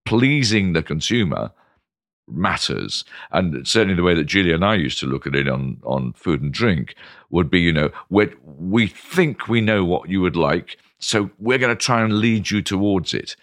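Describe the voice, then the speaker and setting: An older British man, a guest in an interview, telling lively anecdotes full of ums and restarts. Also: low voice, normal speed, no echo, clean studio sound. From Britain. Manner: animated, lots of ums and restarts. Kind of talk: anecdotal storytelling.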